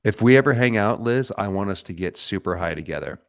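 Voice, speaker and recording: Male co-host, very low voice, dry, playful and enthusiastic. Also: lively intonation, fast, no room sound. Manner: enthusiastic, joking, swears casually. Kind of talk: casual livestream chat.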